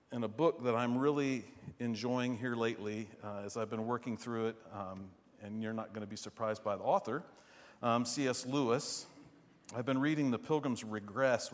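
A man preaching a sermon in an animated, rhetorical way, often asking "right?". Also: medium pitch. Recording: long hall reverb.

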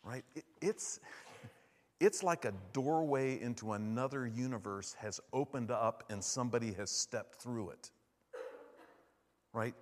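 A man preaching a conversational sermon, often checking in with "right?" and acting out the voices of people he quotes. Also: medium pitch. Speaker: pastor. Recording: long hall reverb.

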